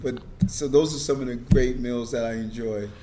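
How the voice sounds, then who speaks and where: A man's voice: medium pitch, fairly even intonation, normal speed, very noisy. A middle-aged man talking earnestly as a guest in an interview, often repeating a word as he starts a sentence. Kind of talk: casual conversation.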